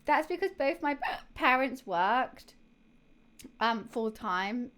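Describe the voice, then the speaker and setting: A young woman chats loosely to her stream audience and keeps catching hiccups as she talks. Her voice sits high, and she wanders through her points with restarts and fillers. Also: animated, takes it slowly, fairly bright tone. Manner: rambling, with many fillers and restarts. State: has the hiccups. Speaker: live streamer. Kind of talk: casual chat to stream viewers.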